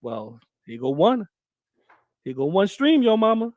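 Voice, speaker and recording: A man with a slightly high voice talks on a live commentary panel, animated and quick to swear. He often acts out other people's words. The sound is dry and close. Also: dry recording, dull audio. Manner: animated, profane, acts out quotes. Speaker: panel co-host. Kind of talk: casual commentary chat.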